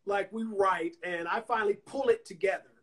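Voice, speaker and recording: A man from Alabama with a notably high speaking voice tells long anecdotes in a relaxed interview. He slips into the voices of the people he quotes as he goes. The sound comes through a phone on a live stream. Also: normal speed. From Anniston, Alabama, US. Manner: animated storyteller acting out quoted voices. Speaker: songwriter and producer guest. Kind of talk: casual storytelling interview. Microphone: Instagram Live phone call.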